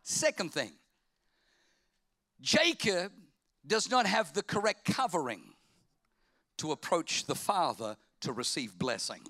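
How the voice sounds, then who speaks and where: A middle-aged man, preaching a sermon, swinging from loud emphatic lines to quiet hushed asides. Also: a little high, sing-song, slow, pauses often, no echo. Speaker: pastor.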